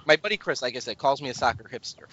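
A man's voice: mid-range voice, animated, fast talker, a bit bright. A man hosting a podcast in casual chat, rambling and self-deprecating with many restarts. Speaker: podcast host. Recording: slightly dull lo-fi podcast audio.

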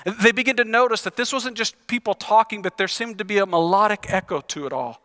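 High-voiced male pastor preaching. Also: a little fast. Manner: animated, leads congregation in reading aloud. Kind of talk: sermon.

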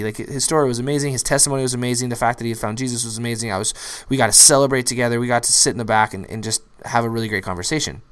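An earnest young man preaches a sermon as a pastor, his voice sitting at an ordinary middle pitch. He tells stories plainly and then climbs into emphatic, repeated peaks. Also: a bit bright, clean tone.

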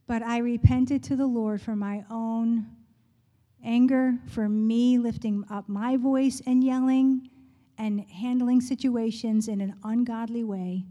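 A woman telling a personal faith story in a church talk, earnest and quick to laugh, dropping to a hushed voice when she prays. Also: fairly high pitch, fairly even intonation, long reverb tail. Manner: earnest, laughs often, drops to a soft hush in prayer. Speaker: speaker sharing a testimony.

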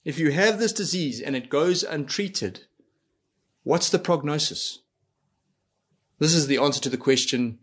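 A man's voice: a little high, unhurried, pauses often, a bit bright, breathy edge. A man preaching a sermon in an earnest way, asking rhetorical questions and acting out quoted lines. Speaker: pastor.

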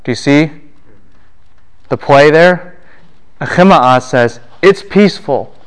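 A man's voice: slow, clean tone. A man giving a university lecture on a Bible passage, firing questions at his class and answering them himself, and acting out the lines he quotes. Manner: acts out the quoted lines with big jumps in pitch and volume.

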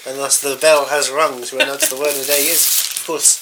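A man's voice: medium pitch, level tone, brisk, a loud crowd, lightly acted, poor audio. A man playing a pompous stuffy radio presenter. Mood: haughty. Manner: pompous, prim and officious. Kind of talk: improvised comedy role-play.

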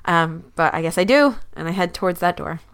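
Female player, low-ish voice, chatty and argumentative about rules. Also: expressive, fairly quick, fairly bright tone, clean tone. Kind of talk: casual tabletop game play.

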